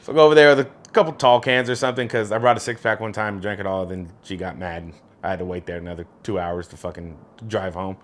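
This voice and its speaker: A man's voice: low-pitched, fairly even intonation, fast talker. A young man co-hosting a podcast, telling a story in laid-back, joking, profane chat. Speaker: podcast co-host. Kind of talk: casual chat.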